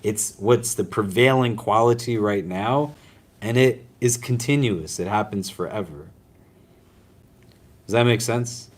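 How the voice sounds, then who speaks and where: A man's voice: on the low side, a little slow. A man teaching a casual religious class as an imam, talking conversationally with self-deprecating humor and often asking "right?" and "does that make sense?". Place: lecture room at a university Islamic center.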